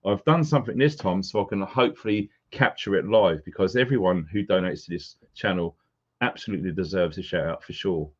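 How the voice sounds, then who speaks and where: A man's voice: low-pitched, a little fast, slightly rough. A man hosting a live stream, casually greeting viewers by name as they join. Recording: dull lo-fi sound.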